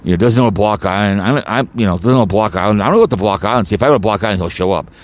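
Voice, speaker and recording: A man's voice: on the low side, very fast. A man hosting his own podcast, delivering an agitated, rambling rant full of repeats and stumbling restarts. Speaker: podcast host.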